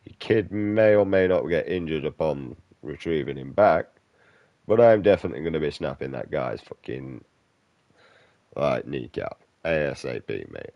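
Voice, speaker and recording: A man's voice: a bass voice, vocal fry, dry recording, lo-fi sound. A man giving casual gameplay commentary, ranting bluntly and swearing a lot. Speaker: game streamer.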